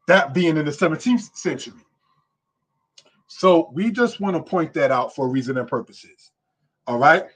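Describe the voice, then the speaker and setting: Emphatic male teacher, husky and a bit high-pitched, preacherly lesson delivery. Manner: repeats "you understand?" and "brothers and sisters". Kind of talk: history lesson.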